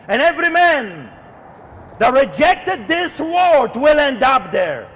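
A man preaching an open-air street sermon as a pastor, fervent and declamatory, often breaking into shouts. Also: extremely high pitch, breathy edge, big-room sound. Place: outdoors in the wind.

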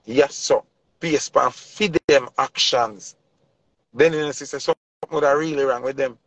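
Gravelly Jamaican man ranting passionately. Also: medium pitch, fairly even intonation, moderate pace, fairly bright tone, no echo. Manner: passionate, preachy, Patois-heavy rant. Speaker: vlogger. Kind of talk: ranting commentary. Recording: dull lo-fi dry sound.

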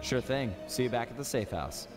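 Big goofy game hippo, played by a man; deep, bouncy delivery. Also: expressive, normal speed, faint music behind, natural voice. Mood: cheerful. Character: big friendly male hippo sidekick. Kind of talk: video game cutscene voice acting.

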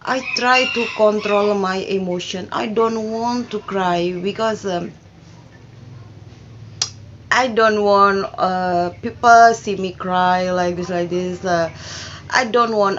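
An Indonesian woman whose first language is Indonesian, hosting a reaction video in halting English and talking earnestly and emotionally. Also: mid-range voice, steady tone, dull audio, background noise. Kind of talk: casual reaction commentary.

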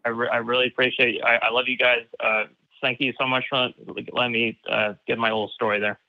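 A man calling in to a talk show, speaking haltingly with lots of restarts and sounding grateful. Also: medium pitch, level tone, no room sound. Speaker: caller. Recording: dull phone-line audio.

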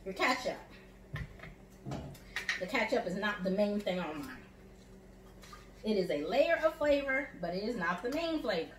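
In an echoey home kitchen, a Southern-accented woman who cooks at home gives a chatty, upbeat demo, calling her audience "y'all" and "honey." Her mid-range voice is animated but unhurried, with long pauses. She sounds far from the mic, and there's a little hiss or hum.

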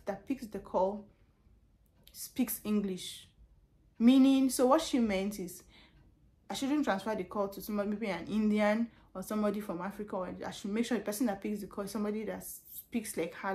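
A woman's voice: mid-range voice, moderate pace. A young Nigerian woman with a Nigerian accent, a customer service representative chatting casually in a vlog about her job and telling stories with lots of repetition. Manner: animated storytelling with laughs and repetitions.

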